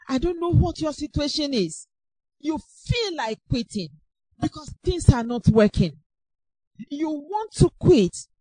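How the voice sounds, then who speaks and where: High-voiced woman preaching with passion. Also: dry recording, poor audio. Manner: impassioned, repetitive exhortation, shouting at peaks. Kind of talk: sermon.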